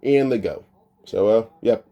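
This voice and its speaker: A man with a very dark, mellow voice improvises a fan storyline in a loose, chatty way. He rambles, restarts his sentences and leans on filler words as he goes. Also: fairly low pitch, unhurried, muffled recording. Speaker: anime what-if storyteller. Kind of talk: casual improvised retelling.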